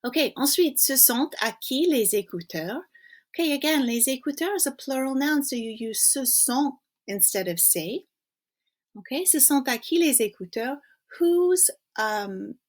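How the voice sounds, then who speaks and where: A woman teaching a recorded French lesson in English, patiently prompting students to think and checking in with frequent okays. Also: mid-range voice.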